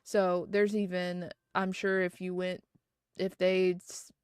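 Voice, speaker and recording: A woman's voice: fairly low pitch, flat delivery, takes it slowly, darkish tone, smooth, no room sound, studio quality. A woman streaming live, chatting casually and giggling often, with lots of fillers.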